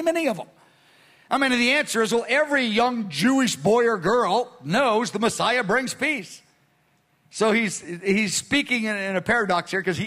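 Bright, high-voiced man preaching. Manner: animated, paraphrases scripture in plain everyday speech. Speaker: pastor teaching a Bible study. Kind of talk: conversational expository sermon.

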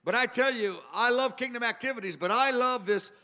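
A man's voice: very high-pitched, a little fast, sharp tone. A man preaching a sermon, earnest and emphatic, circling back to repeat his key phrases. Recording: long hall reverb.

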